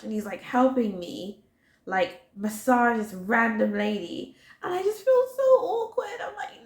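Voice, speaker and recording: A woman in her twenties telling a personal story in a chatty, animated way, full of "like". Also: on the high side, measured pace. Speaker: vlogger. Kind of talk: storytime vlog. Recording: roomy echo.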